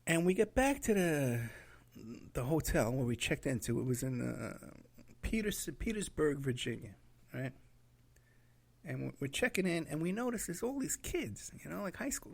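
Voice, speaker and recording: Man, rambling casual storyteller, gravelly, lively pitch, laughs at his own tale. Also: normal speed. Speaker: guest telling a road trip story.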